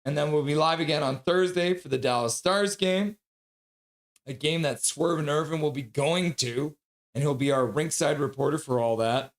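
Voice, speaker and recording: A man hosts a live fan stream in a loose, chatty way. His voice sits a little high for a man. He runs through chat messages and donations one after another. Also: moderate pace. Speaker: streamer host. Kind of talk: casual stream sign-off, reading chat.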